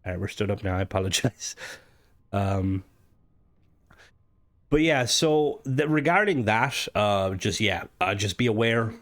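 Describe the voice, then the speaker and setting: Rambling low-voiced male gaming creator. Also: expressive, unhurried, pauses often, a bit bright. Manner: rambling and meandering, with frequent hesitations and restarts. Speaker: gaming content creator and streamer. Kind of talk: casual gaming news commentary.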